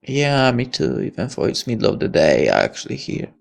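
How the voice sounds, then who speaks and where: A woman's voice: rumbling low, very animated, normal speed, vocal fry. A woman gaming streamer making offhand, chatty asides while reading a visual novel.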